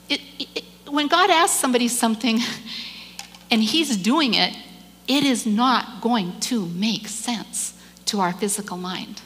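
A woman giving a church message, telling a story with animated delivery and acting out the people in it. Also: on the high side, unhurried, long reverb tail. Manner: animated storyteller, acts out quoted voices, repeats words. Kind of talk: sermon storytelling.

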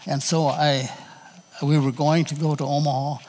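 A man preaching a sermon in a folksy, halting, conversational way, telling personal stories to his congregation. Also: fairly high pitch, little pitch movement, darkish tone, long reverb tail, a little hiss or hum.

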